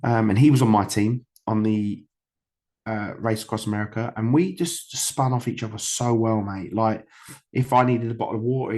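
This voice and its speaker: Man in his thirties from the UK, podcast guest, rambling candid storytelling, fillers and swearing, lowish voice. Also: a little mellow. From United Kingdom. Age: 30s.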